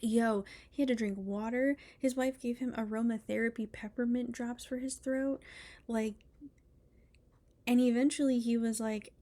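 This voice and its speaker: A fairly high-voiced woman talks through a spiritual reading in a loose, conversational monologue. She is blunt and emphatic, repeating phrases for weight and swearing freely. At times she lowers her voice to a hushed whisper. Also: steady tone, moderate pace. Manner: sometimes drops to a hushed whisper. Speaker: spiritual reader.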